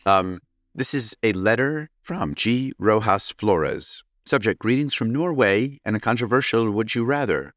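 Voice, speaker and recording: Low-voiced playful male podcast co-host. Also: lively intonation, measured pace, fairly bright tone, dry recording, studio quality. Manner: playful, laughs often, jokes while reading. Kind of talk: casual podcast chat, reading a listener letter.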